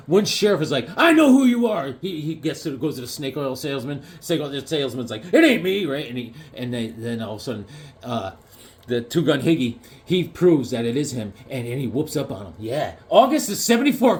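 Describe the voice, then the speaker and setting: In a casual vlog, a man with a medium-pitched, slightly mellow voice shows off his comic collection. It's a laid-back show-and-tell where he rambles through stories and lands joke punchlines.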